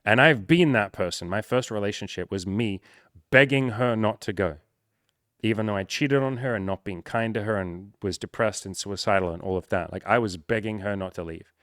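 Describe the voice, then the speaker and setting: A man's voice: on the low side, moderate pace, fairly bright tone, no room sound, studio quality. A young man hosting a podcast, talking candidly and near tears in a personal monologue, swearing freely. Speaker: podcast host.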